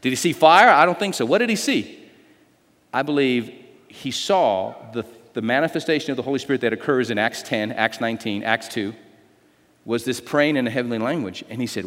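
A man preaching a sermon as pastor, lively and conversational, with call-and-response and sudden loud, drawn-out swells. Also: mid-range voice, long reverb tail. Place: church sanctuary.

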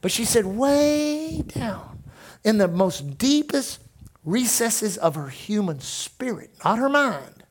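A man's voice: high-pitched, big pitch swings, slow, breathy edge. A man in his sixties preaching a sermon as pastor, emphatic and full of repeated declarations.

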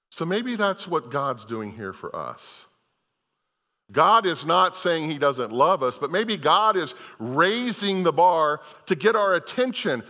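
A man's voice: a little high, pushed and bright, long reverb tail. An older man preaching a sermon, telling a parable as a story and often restarting his phrases. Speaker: pastor.

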